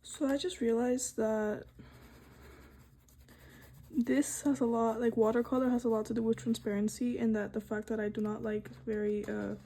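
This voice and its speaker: A young woman in her twenties, an art student, chatting casually in soft ASMR style while painting, rambling to herself with lots of fillers. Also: on the high side, little pitch movement, moderate pace. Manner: rambling soft-spoken self-talk with frequent fillers.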